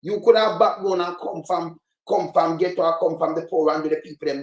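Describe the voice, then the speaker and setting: Jamaican speaker, middle pitch, indignant questioning complaint, roomy echo. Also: fairly quick, few pauses, a little mellow. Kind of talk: street complaint to camera.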